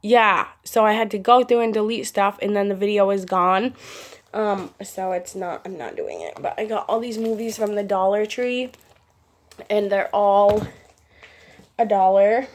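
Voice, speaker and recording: A woman's voice: mid-range voice, measured pace. A young adult woman talking to camera in a casual, rambling vlog, chatty and giggly as she drifts between topics. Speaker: vlogger.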